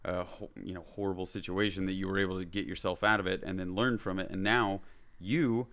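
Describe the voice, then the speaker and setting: A man in a casual podcast chat, telling animated stories, acting out quotes and swearing casually. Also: deep voice, a little fast.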